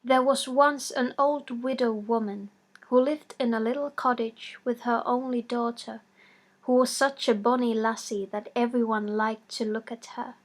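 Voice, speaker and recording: A woman narrating a fairy tale in a measured, expressive reading. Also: fairly high pitch. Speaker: storyteller.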